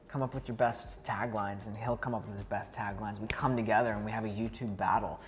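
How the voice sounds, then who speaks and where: A man's voice: fairly low pitch, slight background noise. A man co-hosting a reaction show, chatting casually and teasing himself and his partner. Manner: animated, self-mocking, quick remarks. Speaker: co-host of a reaction channel. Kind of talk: casual chat reacting to videos.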